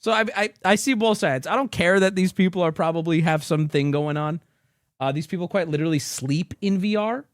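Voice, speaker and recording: A man's voice: high voice, brisk, no room sound, clean studio sound. A male streamer doing profane reaction commentary, ranting in disbelief. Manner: incredulous ranting, swings up loud.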